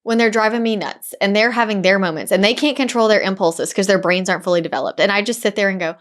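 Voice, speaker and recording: A woman in her thirties co-hosting a casual podcast chat, telling an animated story and acting out the voices she quotes. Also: medium pitch, quick pace, few pauses. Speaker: podcast co-host, real estate agent.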